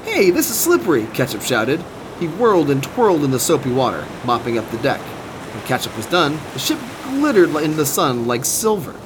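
Brief: male storyteller, lively children's read-aloud, slightly higher voice, steady background noise. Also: fairly quick. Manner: expressive, sing-song.

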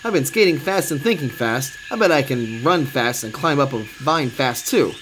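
A man voicing a small, eager young male monkey in a storybook, with a high, excited voice. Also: moderate pace, close to an everyday voice. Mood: proud. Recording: steady background noise.

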